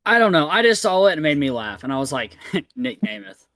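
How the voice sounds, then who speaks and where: A man's voice: fairly high pitch, very animated, brisk, a bit bright, dry recording, clean studio sound. Laid-back man who laughs a lot. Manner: laughs often, repeats himself, laid-back. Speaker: podcast co-host. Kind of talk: casual chat.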